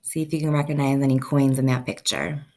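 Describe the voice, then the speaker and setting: A woman teaching a first-grade phonics lesson, slowly stretching out each sound so children can say the words with her. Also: very deep voice, flat delivery, darkish tone.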